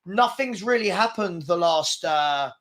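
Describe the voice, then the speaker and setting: English male co-host, slightly high voice, chatty rambling match commentary. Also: animated, a little slow, a bit bright. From England. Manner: chatty, rambling, lots of fillers and restarts. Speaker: live stream co-host. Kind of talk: casual live football commentary.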